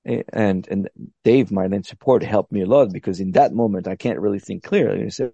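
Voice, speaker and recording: A man with a low voice and a gravelly edge speaks as a podcast guest. His tone is dark and mellow, and the sound is dry and close. He explains thoughtfully, step by step, and often restarts his sentences. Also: fairly quick, few pauses, dry recording, muffled recording. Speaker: podcast guest, long-distance paddler. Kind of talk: reflective interview talk.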